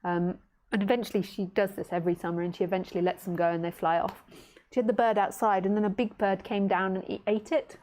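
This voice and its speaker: A middle-aged woman teacher giving a casual online talk from home, chatty and warm with her listeners, laughing easily. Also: medium pitch, fairly even intonation, quick pace. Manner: chatty, laughing, baby-talks to her pet. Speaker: spiritual teacher.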